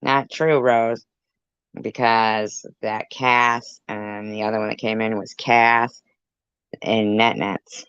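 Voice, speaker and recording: A woman's voice: very deep voice, level tone, takes it slowly, a bit bright, smooth, dry recording. A woman hosting a casual livestream, reading chat comments aloud, laughing often and teasing viewers with crude, disgusted reactions. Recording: dull lo-fi sound.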